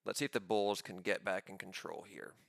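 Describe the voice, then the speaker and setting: A man giving live commentary on his own trades, pumped up and talking in quick excited bursts. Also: sits low, vocal fry, dry recording, studio quality. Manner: hyped, pumped-up chatter with sudden bursts.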